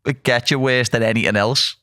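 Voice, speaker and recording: A man's voice: medium pitch, fairly even intonation, brisk, pushed and bright, clean tone, dry recording, clean studio sound. A young man with a Liverpool accent hosting a casual chat, blunt and self-deprecating. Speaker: podcast host.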